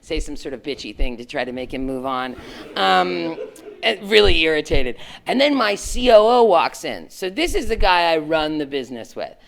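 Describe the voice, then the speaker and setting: Frank middle-aged woman with gravelly fry. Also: low-pitched, normal speed. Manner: frank and animated, peppered with "like" and "right?". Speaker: guest speaker, former tech executive. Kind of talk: candid storytelling talk to students.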